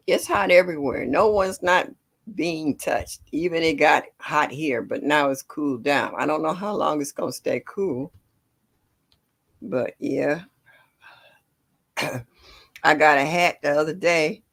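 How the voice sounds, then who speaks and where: An older woman hosting a casual gardening livestream, greeting viewers by name and chatting warmly. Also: low voice, lively intonation, takes it slowly, creaky, pauses often. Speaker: livestream host.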